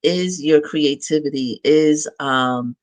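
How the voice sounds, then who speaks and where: A man's voice: on the high side, slow pace. Earnest affirming male interview host. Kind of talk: interview chat.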